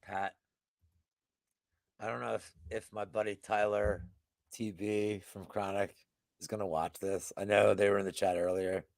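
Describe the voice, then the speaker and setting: A man in his thirties on a casual livestream, talking about betting in animated, profane, boastful rants. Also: lowish voice, creaky, dry recording. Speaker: sports betting guest.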